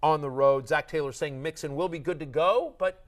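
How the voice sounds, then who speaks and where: A middle-aged man with a fairly high voice hosts a fantasy football show. He chats casually and jokes around, restarting his sentences and wandering off into asides. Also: moderate pace. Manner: chatty, joking, lots of restarts and asides. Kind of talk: casual sports chat.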